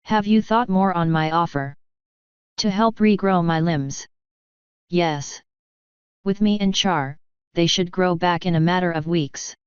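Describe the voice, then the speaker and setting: Huffy growly fire elemental guy, read by a woman, low smooth voice, dull dry audio. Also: a little slow, long pauses, no echo, natural voice. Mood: gruff. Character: grumpy proud male fire elemental.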